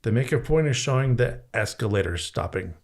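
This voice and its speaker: A man's voice: medium pitch, lively intonation, a little fast, creaky, darkish tone. A man co-hosting a movie podcast, griping about a film casually with a wry tone and some swearing. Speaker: podcast co-host. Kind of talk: casual chat.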